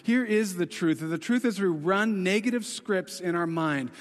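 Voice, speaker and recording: A man preaching a sermon in a casual, conversational way, telling the story dramatically and swinging from excited to hushed. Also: sits high, unhurried. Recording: long hall reverb.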